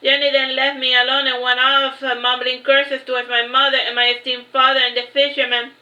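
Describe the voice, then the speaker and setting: High, bright-voiced woman reading a story. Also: fairly quick. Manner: steady read-aloud delivery with occasional slips. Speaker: author reading her own book. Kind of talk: first-person storybook narration. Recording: echoey room, slightly dull lo-fi sound.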